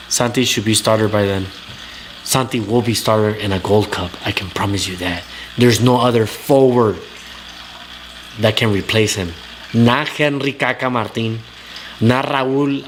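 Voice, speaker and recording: Man, young, talk-show host, profane blunt rants, mid pitch, faint background noise. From Southern California. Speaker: talk show host reading live chat. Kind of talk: casual livestream rant.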